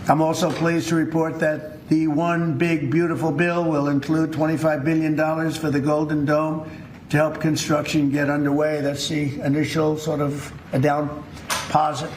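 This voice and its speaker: Flat-voiced man speaking in a roomy hall. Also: a little high. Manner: flat, halting delivery. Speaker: politician at a press event. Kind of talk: public speech. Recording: roomy clip with faint room noise.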